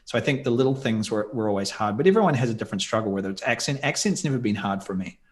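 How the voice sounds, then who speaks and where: A man's voice: fairly low pitch, lively intonation, rapid-fire. A man talking in a casual podcast interview as a guest, thoughtful and rambling with many asides.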